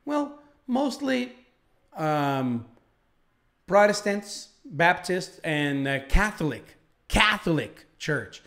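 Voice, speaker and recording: A man's voice: high-pitched, sing-song, drawn-out words, fairly bright tone, exaggerated voice. A man voicing a polite young Brazilian exchange student who gives earnest answers.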